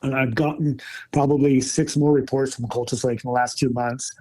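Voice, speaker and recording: A middle-aged man casually telling an excited story about a camping trip with his family. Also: medium pitch, brisk. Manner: animated, excited retelling with acted quotes. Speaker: storyteller recounting a camping encounter.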